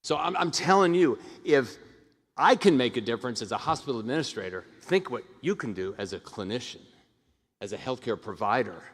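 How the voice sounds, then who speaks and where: A man's voice: medium pitch, a little fast. A middle-aged man giving a commencement speech as a hospital administrator, telling stories and acting out the voices of the people in them, with frequent restarts. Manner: animated storyteller who acts out quoted voices, frequent restarts. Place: large ceremony hall. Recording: long reverb of a large hall.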